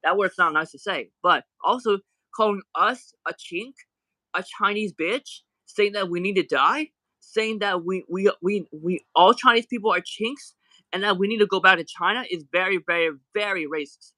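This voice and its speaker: A man speaking in a fairly high, sharp, tense voice while ranting heatedly on a livestream. He sounds indignant and keeps circling back to the same points, pressing each one with force. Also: normal speed, dry recording, rough recording. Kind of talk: angry livestream rant.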